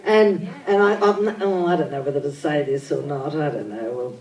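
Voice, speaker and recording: An older woman, telling childhood stories in an animated, theatrical way at a live on-stage interview. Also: low voice, normal speed. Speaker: interview guest. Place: event venue with audience. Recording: echoey hall, mic at a distance.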